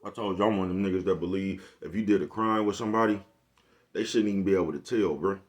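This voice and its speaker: A fast-talking man with a low-pitched voice delivers a laid-back vlog monologue. It's casual, heavy on profane slang, with frequent check-ins with the listener.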